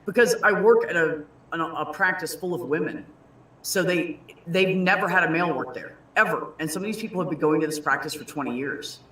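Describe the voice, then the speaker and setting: A man in casual chat, telling stories with lively quoted voices and frequent swearing. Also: fairly high pitch, fairly quick, far from the mic. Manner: animated storyteller, swears freely, acts out quoted voices. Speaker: guest. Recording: echoey room.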